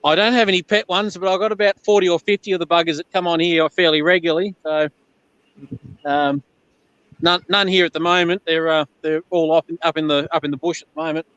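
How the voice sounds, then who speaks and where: Bright-voiced Australian man chatting. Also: fairly high pitch, fairly even intonation, a little fast, smooth, no echo, highs cut off. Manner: laid-back, laughs often, says "yeah, no". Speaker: guest on a live chat. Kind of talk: casual chat.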